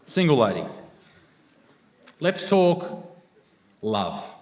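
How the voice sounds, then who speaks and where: Brash Australian comedian on a stage mic. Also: male voice, mid-range voice, sing-song, extremely slow. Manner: brash, crude and loud, bursting into shouts. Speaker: stand-up comedian. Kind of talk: live stand-up comedy. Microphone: handheld stage mic. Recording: long reverb of a live venue.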